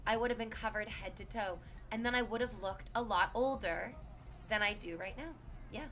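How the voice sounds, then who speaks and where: A woman in her thirties streaming and chatting casually as she reads viewer messages, lively and animated, bursting into laughs and exclamations. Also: medium pitch.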